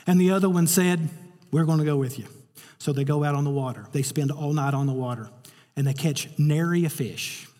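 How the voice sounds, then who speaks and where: A man's voice: a little high, brisk, mellow. A man preaching a sermon, telling a story and acting out the voices he quotes. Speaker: pastor. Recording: reverberant hall.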